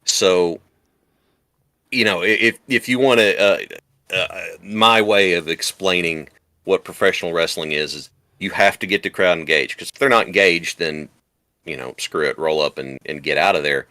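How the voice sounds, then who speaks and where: A man's voice: low-pitched, normal speed, no room sound. A man hosting a casual podcast chat who tells stories and hams up impressions. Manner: storytelling, hams up shouted impressions. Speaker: podcast host.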